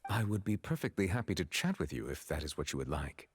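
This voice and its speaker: An actor playing a gentle, formal and courteous man in video game dialogue, speaking softly and politely. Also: deep voice, big pitch swings, fast talker, slightly rough, no room sound, full character voice. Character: courteous, soft-spoken dignified man.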